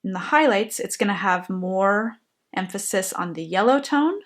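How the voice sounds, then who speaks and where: A woman explaining a painting technique while she works, in a gentle, thoughtful way. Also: mid-range voice, animated, normal speed. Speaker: painting instructor. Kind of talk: painting tutorial narration.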